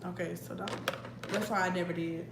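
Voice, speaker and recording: A woman's voice: fairly low pitch, steady tone, a little fast, gravelly, heavy background noise. Blunt, profane young woman venting. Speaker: vlogger. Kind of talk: casual storytime vlog. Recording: echoey room with faint ambience.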